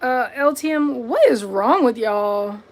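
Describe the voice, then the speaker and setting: A woman's voice: on the high side, unhurried. A woman hosting a casual livestream, answering viewer comments and scolding rude ones. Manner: sassy, confronting chat commenters directly; talks to viewers as y'all and buddy. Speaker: livestream host.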